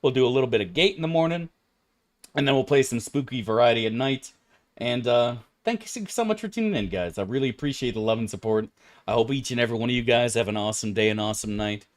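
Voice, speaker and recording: A man streaming a video game, talking in a casual, animated, profane way and laughing often. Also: medium pitch, fast.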